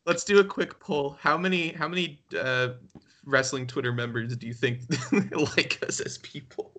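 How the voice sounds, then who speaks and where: Podcast co-host, male: crisp bright tone, loose rambling talk, quick to laugh at himself. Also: on the high side. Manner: rambling, laughs often, self-deprecating. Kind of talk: casual chat.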